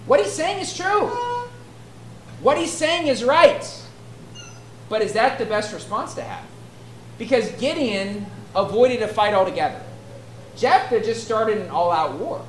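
Speaking at a medium pitch over slight background noise, a woman preaches from scripture, reading it aloud and then talking it through casually. Her expository sermon is peppered with "right?" and recorded in an echoey room with faint ambience.

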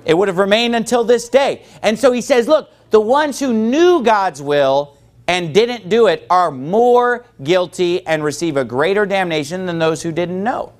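High-voiced emphatic preaching man. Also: a little slow. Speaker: pastor. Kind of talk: sermon.

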